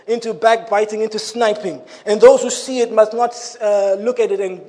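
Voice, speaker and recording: A man delivers a sermon in a strikingly high voice. He talks in an animated way and keeps breaking into laughing asides. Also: moderate pace. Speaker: preacher.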